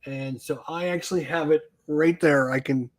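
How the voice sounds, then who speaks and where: A man hosts a live show over a video call in a slightly high voice. He talks eagerly and repeats key phrases for emphasis. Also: steady tone, moderate pace. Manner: enthusiastic, repeats himself for emphasis. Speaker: host. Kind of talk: casual live-stream chat.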